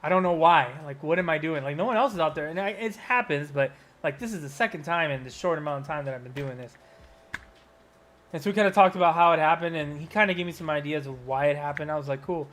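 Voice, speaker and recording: A man in his thirties co-hosting a podcast, telling stories in casual chat, animated and swearing freely. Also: a little high, fast. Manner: animated storyteller, swears a lot. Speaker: podcast co-host.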